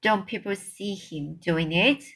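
A woman's voice: medium pitch, takes it slowly, a bit bright, breathy edge, exaggerated voice. A woman reading a children's book aloud, voicing a brave, curious young girl who asks many questions.

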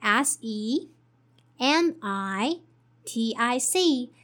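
Slow high-voiced woman teaching English. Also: animated, a bit bright. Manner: spells letters and repeats each word twice.

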